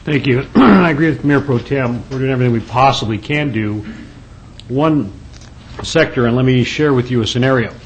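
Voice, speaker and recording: A man, a city councilman, speaking earnestly and haltingly at a council meeting. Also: mid-range voice, a little hiss or hum, low-quality recording. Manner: earnest, halting, clears his throat. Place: council chamber.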